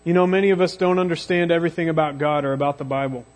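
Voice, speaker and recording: A man preaching as youth pastor, retelling the story with drama and slowing right down on the phrases he wants to land. His speaking voice sits slightly higher than most men's. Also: fairly even intonation. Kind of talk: sermon.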